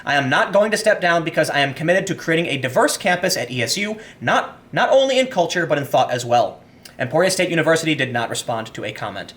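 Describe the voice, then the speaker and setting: A young man hosting an opinionated commentary monologue, animated and acting out the people in his stories, then reading news quotes aloud. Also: on the high side, fast talker. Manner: reads news quotes aloud between rants. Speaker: commentary host.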